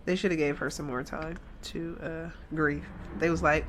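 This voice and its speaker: A woman's voice: low voice, fairly even intonation, moderate pace, hardly any pauses, slight background noise. A woman hosting a reaction video, giving casual, blunt and emphatic commentary on a reality show while talking back to the screen. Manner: blunt, uses swear words.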